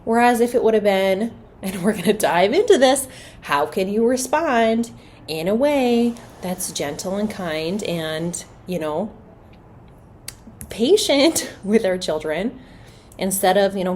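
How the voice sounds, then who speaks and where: A woman hosting a parenting podcast, speaking in an animated, emphatic way with rhetorical questions. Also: mid-range voice, unhurried, a little hiss or hum. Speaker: podcast host.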